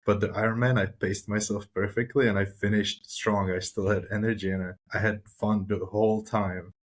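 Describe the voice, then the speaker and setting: A man's voice: on the low side, level tone, moderate pace. A man guest on a podcast describing his first triathlon in a plain, matter-of-fact way. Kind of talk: casual podcast chat.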